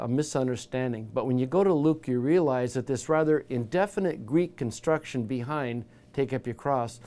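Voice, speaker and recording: A man giving an informal Bible teaching talk, conversational, getting animated when he acts out the disciples. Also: mid-range voice.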